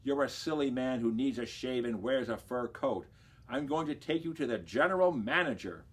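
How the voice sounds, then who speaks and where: A man voicing an angry male factory foreman who barks orders and scoffs, with a husky voice. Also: medium pitch, expressive, moderate pace. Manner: barking, scornful.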